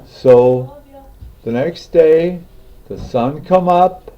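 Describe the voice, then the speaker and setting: A man telling a folk tale in an unhurried way, with fillers and restarts, on a dull lo-fi recording. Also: a little high. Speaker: storyteller. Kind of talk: oral folk storytelling.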